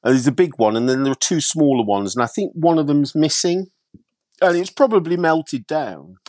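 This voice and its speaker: A man from England, an antiques silver specialist, telling lively anecdotes as a podcast guest. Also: a little high, moderate pace, no echo. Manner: lively storyteller, mimics voices in his anecdotes.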